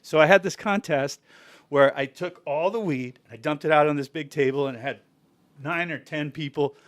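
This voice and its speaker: A man, a guest musician on a podcast, telling a casual story in an animated way, laughing and acting out what people said. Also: on the high side, moderate pace. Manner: animated, acts out quotes with laughter.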